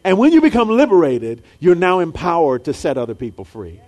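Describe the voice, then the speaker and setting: A man preaching a sermon, dropping low and soft, then rising high and loud, and acting out the voices of people in his stories. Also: wildly swooping pitch, fairly quick. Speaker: pastor.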